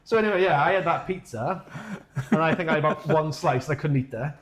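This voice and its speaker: Welsh guy rattling off a race story, fast, a bit high, swears a lot. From Wales. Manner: swears a lot, laughs while telling stories. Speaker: podcast co-host. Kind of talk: casual chat.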